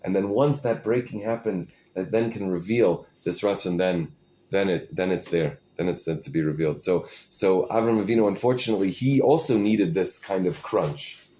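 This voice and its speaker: A man teaching an informal Torah class, halting and restarting his phrases, peppering his English with Hebrew and Yiddish terms. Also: low-pitched, mellow, a little hiss or hum.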